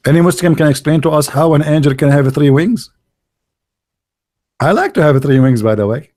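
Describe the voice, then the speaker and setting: A man mocking his subject in a loose, sarcastic monologue. His delivery is halting and full of fillers, with sudden jumps up into laughter. The sound is dry, with no room around it. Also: fairly high pitch, animated, a little mellow, dry recording. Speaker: online religious debater. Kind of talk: casual monologue.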